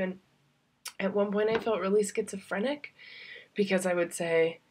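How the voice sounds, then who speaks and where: Speaking fairly quickly in a medium-pitched, husky voice with a darkish, steady tone, this woman vlogs about travel. She confides a personal story to the camera in a heartfelt, rambling way full of fillers, sometimes dropping nearly to a whisper.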